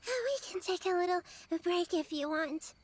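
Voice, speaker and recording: A woman's voice: extremely high pitch, lively intonation, a little slow. A woman voicing an earnest, caring little girl who fusses over everyone, in a video game. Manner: fussing, caring. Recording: game audio with music behind.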